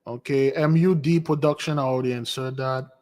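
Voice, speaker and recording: A man hosting a spiritual channel, telling rambling personal stories in a casual, animated way and answering viewer questions, often restarting sentences and jumping up in pitch to quote women. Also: fairly quick. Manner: jumps to a higher voice when quoting women. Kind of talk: casual storytelling and Q&A stream.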